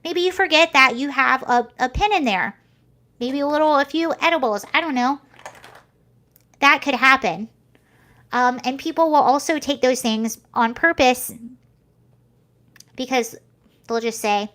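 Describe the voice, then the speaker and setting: Young woman vlogger, higher pitch, casual rambly commentary full of fillers. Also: a little slow, pauses often, pushed and bright. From United States. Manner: chatty, rambling, many fillers and restarts.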